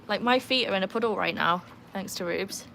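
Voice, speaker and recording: A woman chatting casually on a livestream from beside a backyard pool, breaking into a high sing-song voice to praise her dog. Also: fairly quick, vocal fry, fairly bright tone, slight background noise. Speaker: livestream host and dog owner. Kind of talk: casual live chat. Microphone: phone.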